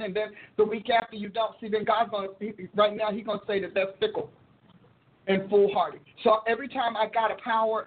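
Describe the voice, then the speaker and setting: A woman preacher and show host teaching in a sermon style, expressive and quick to laugh, acting out her prayers. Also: medium pitch, husky. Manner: expressive, acts out prayers and quotes, laughs often. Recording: tinny phone-like audio.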